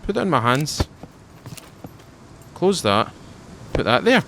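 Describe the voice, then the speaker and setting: A man's voice: a little high, very animated, slow pace, fairly bright tone, slight background noise. A man with a Scottish accent giving casual, rambling commentary to his viewers while playing a game, often repeating and restarting his phrases. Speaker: gaming YouTuber.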